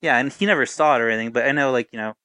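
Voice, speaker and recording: A man in his forties, a touring band guitarist, telling stories in a relaxed, rambling interview with lots of filler words. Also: medium pitch, very fast, no echo. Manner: rambling, laid-back, full of filler words. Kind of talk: casual interview storytelling.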